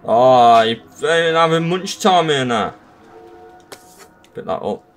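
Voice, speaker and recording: A man playing a horror game, muttering to himself between yelled insults at the enemies. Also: medium pitch, expressive, slow, soft background music. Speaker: gamer. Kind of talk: gameplay commentary.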